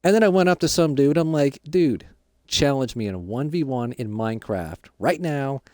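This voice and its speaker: A man putting on a deep gruff ex-con dad. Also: expressive, normal speed, darkish tone, no echo, studio quality, natural voice. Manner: boastful, rambling storyteller. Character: gruff middle-aged dad just out of prison.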